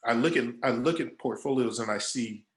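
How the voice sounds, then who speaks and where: A man's voice: medium pitch, a little fast. A man speaking as a guest creative director, telling stories casually and acting out what others said. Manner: animated storyteller acting out quoted voices. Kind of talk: casual storytelling Q&A. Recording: echoey room.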